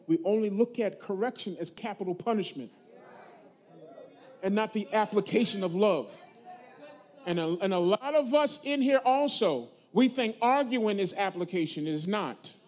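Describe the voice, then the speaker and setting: A pastor with a high voice preaches to his congregation, using call-and-response. He shifts between quiet asides and loud, emphatic points.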